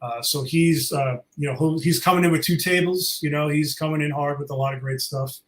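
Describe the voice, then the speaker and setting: A man's voice: fairly high pitch, fairly even intonation, a little fast, roomy sound, low-quality recording. A man casually chatting as an event organizer, enthusiastic and rambling with fillers, his throat a little sore. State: sore throat, sucking a cough drop. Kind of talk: casual interview chat.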